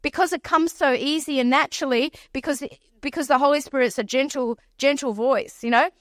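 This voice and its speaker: Woman, minister, sermon storytelling, high voice, acts out dialogue, dry close sound. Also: brisk, no room sound. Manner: lively, acts out dialogue, repeats for effect.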